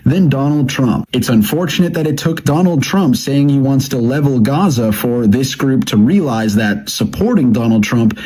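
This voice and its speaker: A man giving measured commentary in a calm, even delivery. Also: medium pitch, husky, rough recording.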